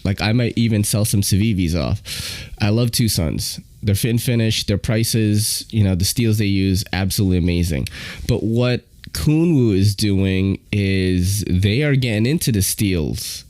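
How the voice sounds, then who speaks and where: A man's voice: lowish voice, unhurried, darkish tone, dry recording. A man hosting his own podcast in casual chat, laid-back and enthusiastic, often dropping "man" and "you know". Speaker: podcast host.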